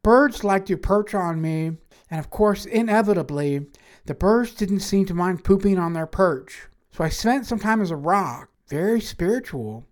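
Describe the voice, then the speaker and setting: A woman's voice: medium pitch, animated, moderate pace, a little mellow. A woman reading a first-person fantasy story aloud in a wry, matter-of-fact way.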